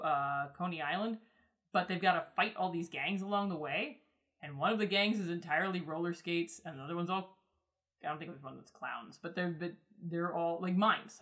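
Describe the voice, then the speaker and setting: A woman hosting a podcast in casual chat, rambling and excitable, with lots of fillers. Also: lowish voice. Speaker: podcast host.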